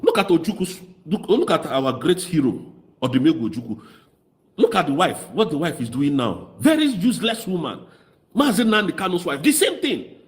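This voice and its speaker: A man's voice: fairly high pitch, sing-song, normal speed. A man with a Nigerian Igbo accent giving fiery, mocking political commentary. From southeast Nigeria. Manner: mocking, impassioned, switches into Igbo.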